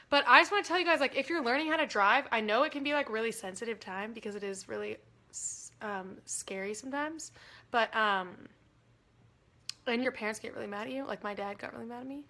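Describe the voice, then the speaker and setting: A woman's voice: a little high, bright, forceful tone. A young woman hosting a casual livestream, chatty and giggly, rambling through stories. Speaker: livestream host.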